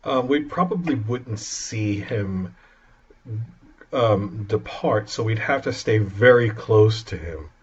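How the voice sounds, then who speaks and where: A man playing a tabletop game who talks in a deliberate, measured way. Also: lowish voice, expressive, husky, dull audio. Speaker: player. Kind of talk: casual tabletop play.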